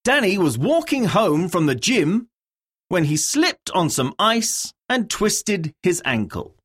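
A woman narrating an English lesson, reading words and sentences slowly and deliberately. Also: lowish voice, very animated, breathy edge. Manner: slow, deliberate word drilling. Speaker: course narrator. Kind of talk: scripted narration.

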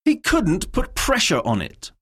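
A woman narrating an English lesson, reading words and sentences slowly and deliberately. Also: mid-range voice, wildly swooping pitch, breathy edge. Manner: slow, deliberate word drilling. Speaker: course narrator. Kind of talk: scripted narration.

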